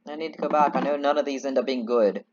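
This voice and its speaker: A man's voice: mid-range voice, quick pace, highs cut off. A man giving casual, rambling and self-deprecating commentary while playing a game. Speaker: let's play gamer. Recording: synth game music behind. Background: synthesizer music.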